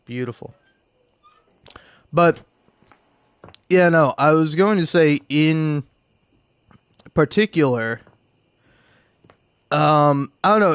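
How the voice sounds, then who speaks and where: A man's voice: fairly high pitch, a bit bright, clear, resonant tone, no echo, studio quality. A young man chatting casually on a gaming live stream, rambling and self-deprecating with lots of false starts. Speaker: gaming livestreamer.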